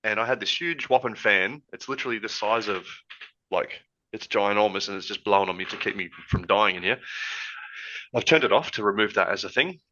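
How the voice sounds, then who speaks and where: Bright-voiced man on a lo-fi headset. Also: fairly low pitch, a little fast, slight background noise. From Australia. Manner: rambling, easygoing, laughs often. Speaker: podcast co-host. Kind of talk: casual chat. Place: hot room at home with big fan. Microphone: old headset. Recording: lo-fi headset audio.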